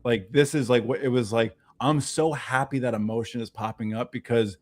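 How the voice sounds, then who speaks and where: A man on a casual livestream telling an animated story, acting out the voices of the people he quotes. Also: mid-range voice, normal speed. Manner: animated storyteller who acts out quoted dialogue. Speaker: guest.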